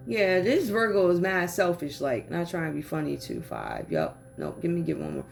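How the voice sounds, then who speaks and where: A woman giving a casual tarot reading, talking in lively slang and acting out what the cards seem to say. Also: on the low side, normal speed, gravelly, few pauses, soft background music. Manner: animated, slangy, acts out quoted voices. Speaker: tarot reader.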